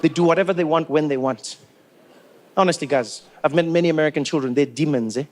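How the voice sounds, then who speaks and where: A man with a South African accent telling stand-up comedy stories with animated, repetitive comic timing. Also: on the high side, quick pace, a little hiss or hum.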